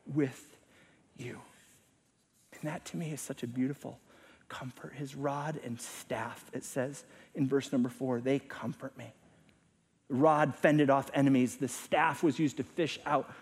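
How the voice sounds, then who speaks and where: A middle-aged male pastor delivers a sermon in a mid-range voice with a breathy edge. He swings from loud emphasis to hushed lines that are nearly whispered.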